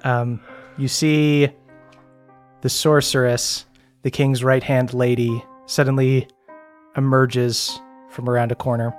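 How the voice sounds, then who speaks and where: A man's voice: mid-range voice, flat delivery, takes it slowly, faint music behind. A man narrating a tabletop game as game master, describing scenes casually with fillers.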